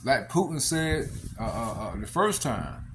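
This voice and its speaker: A man's voice: mid-range voice, big pitch swings, a little slow, a bit bright, slight background noise. A man giving an informal scripture teaching in a loose, rambling way, full of fillers and asides like "man" and "all right?".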